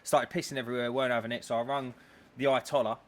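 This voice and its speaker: A man with an English accent co-hosting a podcast in casual chat, telling a story with animated energy and acting out the voices he quotes. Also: mid-range voice, racing. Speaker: podcast co-host.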